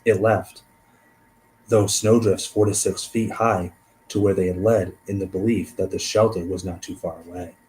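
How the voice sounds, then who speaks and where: A man hosting a stream, reading a case aloud and thinking out loud between passages, trailing off and restarting. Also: low voice, fairly even intonation, moderate pace, a little hiss or hum, poor audio. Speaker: host.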